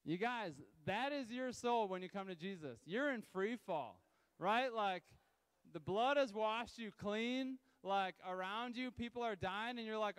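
A man preaching a sermon to a live congregation in a conversational, animated way, full of asides to the audience. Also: sits high, normal speed, clean tone, in a large hall. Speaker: pastor. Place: church hall, live service.

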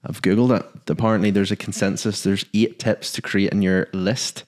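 A man hosting a casual podcast chat, joking and chatty. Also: lowish voice. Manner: lively, joking, quick asides. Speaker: podcast host.

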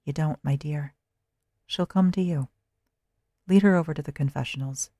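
A woman's voice: deep voice, normal speed, mellow, dry recording. A reader voicing a confident vampire woman with a coaxing, self-assured manner. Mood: teasing.

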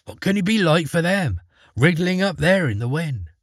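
A man reading aloud as an earnest, fearless young lad, his husky voice rising and falling with lively intonation. The sound is close and dry, with no room around it. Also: a little high, moderate pace, dry recording, pitched above the performer's own voice. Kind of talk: storybook reading.

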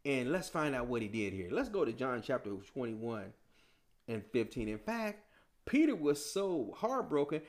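A man's voice: mid-range voice, sing-song, moderate pace. A man preaching a sermon in a casual, slangy style, full of rhetorical questions.

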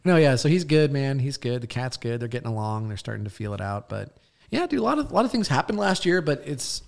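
A man's voice: mid-range voice, sing-song, fast talker, creaky. Rambling, swearing young man telling stories. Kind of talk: casual chat.

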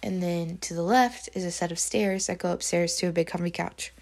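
A woman's voice: fairly low pitch, fairly even intonation, a little fast, a little mellow. A woman teacher talking through a hard week in a personal diary recording, rambling with many fillers and open about her feelings. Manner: emotional, confessional.

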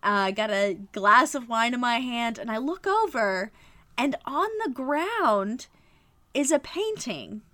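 Woman, 30s, podcast co-host, casual chat, slow delivery, bright tone, playful mock-dramatic teasing. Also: fairly high pitch, big pitch swings.

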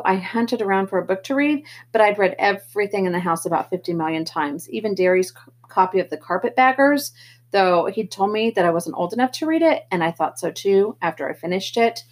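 A woman reading a novel aloud in first person, steady and plain, with the odd slip. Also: mid-range voice. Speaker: audiobook reader.

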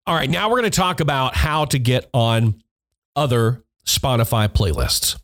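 A man's voice: medium pitch, moderate pace, a bit bright. A man hosting a music industry podcast, giving blunt, emphatic advice, repeating points and swearing. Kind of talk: instructional podcast monologue. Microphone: podcast mic.

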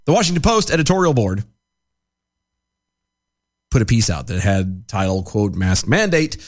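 Animated sarcastic man. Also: fairly low pitch, normal speed. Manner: sarcastic, animated, laughs easily. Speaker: podcast co-host. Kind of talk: casual political chat, reading out quotes.

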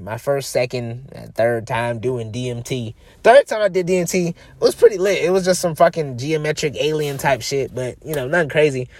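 A man's voice: a little high, a bit bright, no room sound. A man hosting a podcast, telling a long story in a casual, rambling and profane way with many restarts. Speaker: podcast host.

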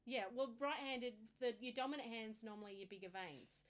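A woman with a fairly high voice, chatting casually and bluntly. She tells crude anecdotes in a frank, unfiltered way. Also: moderate pace. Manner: frank, candid storytelling with crude humor and lots of laughter. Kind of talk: casual chat.

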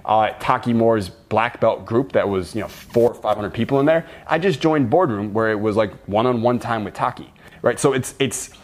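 A man's voice: fairly low pitch, normal speed. A man hosting a casual podcast conversation as a business mentor, talking bluntly and swearing freely.

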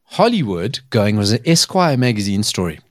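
Brief: man, podcast host, low voice, dry close sound, chatty storyteller who laughs a lot. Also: very animated, normal speed, no echo. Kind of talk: casual chat.

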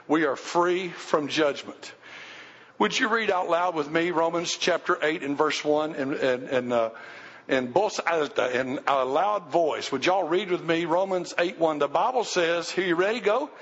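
A man's voice: a little high, measured pace, a bit bright, long reverb tail, dull audio. A male pastor preaching a sermon, speaking emphatically and putting questions to the congregation. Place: church sanctuary.

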